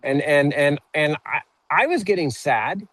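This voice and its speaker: A man who owns an auto repair shop, speaking as a guest on a webinar and telling a story in a halting way, often repeating words as he starts a sentence. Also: on the high side, lively intonation, fairly bright tone, dry recording, poor audio. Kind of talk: conversational storytelling.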